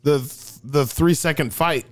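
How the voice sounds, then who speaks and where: A man's voice: on the high side, unhurried. A man in his thirties in casual chat, tossing out profane jokes and banter. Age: 30s.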